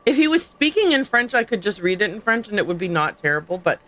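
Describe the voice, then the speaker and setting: A woman's voice: mid-range voice, very animated, fast, few pauses, fairly bright tone, poor audio. A woman streamer giving casual, jokey commentary while reading on-screen game text aloud.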